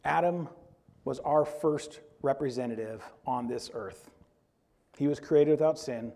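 A man preaching to his congregation, talking easily and checking in with questions as he goes. His voice sits a little high for a man but sounds mellow and warm. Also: moderate pace, pauses often. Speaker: pastor. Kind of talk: sermon.

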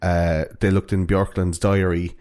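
A man's voice: low-pitched, little pitch movement, a little slow, a little mellow. A man hosting a casual true-crime podcast, rambling with plenty of fillers. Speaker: podcast host.

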